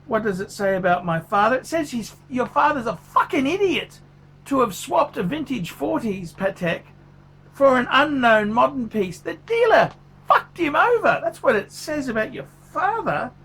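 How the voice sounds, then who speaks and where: A man's voice: very high-pitched, animated, normal speed, a bit bright, breathy edge, heavily acted. A man voicing a furious, foul-mouthed male watch reviewer who swears constantly in a paid review rant. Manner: swears constantly, ranting, blunt.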